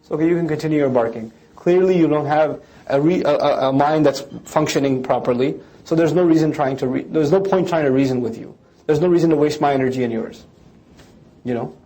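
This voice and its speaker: A man lecturing on scripture. He explains it line by line and mimics critics in quick asides. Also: on the high side, dark tone.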